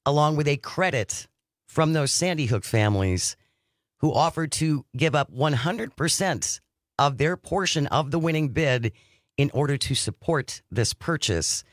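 A man's voice: fairly high pitch, expressive, a little slow, dry recording, clean studio sound. A man co-hosting a podcast, reading news items aloud and adding his own commentary. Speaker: podcast co-host.

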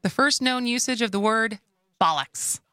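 A woman with a Wisconsin accent co-hosts a radio talk show, chatting loosely and laughing often. Her voice is bright and forward, recorded dry and close in a studio. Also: medium pitch, animated, normal speed, dry recording. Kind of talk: casual radio chat. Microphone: studio microphone.

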